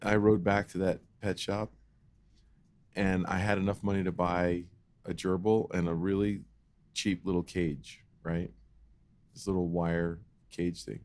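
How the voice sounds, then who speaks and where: A man co-hosting a podcast, telling a childhood story in an animated, casual way and acting out the voices. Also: deep voice, a little slow. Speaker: podcast co-host.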